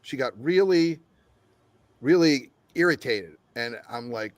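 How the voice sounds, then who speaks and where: A man's voice: on the high side, moderate pace, dry recording. An older man, a game developer guest, telling a long story in an interview with frequent laughs and acted-out quotes. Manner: animated storyteller, laughs often, acts out quotes.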